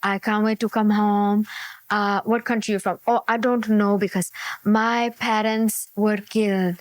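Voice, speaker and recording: A woman mockingly voicing a young female online scammer who spins a sob story, slow and coy. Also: flat delivery, no echo, natural voice. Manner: slow, lowered, coy delivery.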